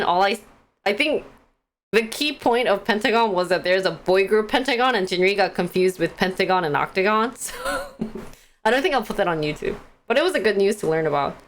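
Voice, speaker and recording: A woman's voice: mid-range voice, a bit bright. A young woman hosting a live stream, chatting casually and giggling as she reads stock news and answers the chat.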